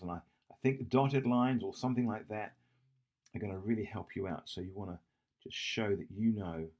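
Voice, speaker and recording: A man tutoring math, walking through an exam question while he draws, thinking aloud, correcting himself and checking in with "yeah?". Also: fairly low pitch. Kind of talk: whiteboard exam walkthrough.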